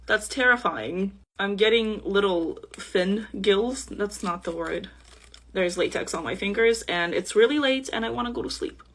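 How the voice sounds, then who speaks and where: With a bright, forceful, mid-range voice, a young woman narrates a casual makeup vlog, talking viewers through her own look. As a makeup creator she comes across playful, chatty and self-mocking.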